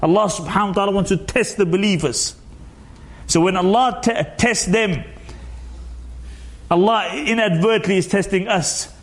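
High-voiced male preacher, emphatic. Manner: rhetorical questions, sprinkled with Arabic phrases; drawn-out emphatic delivery. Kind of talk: sermon.

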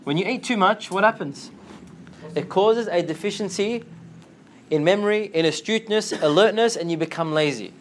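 A man giving an animated Islamic lecture, slipping into Arabic phrases and acting out quotes in a lower voice. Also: moderate pace, slight background noise. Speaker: Islamic teacher. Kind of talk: lively lecture to students.

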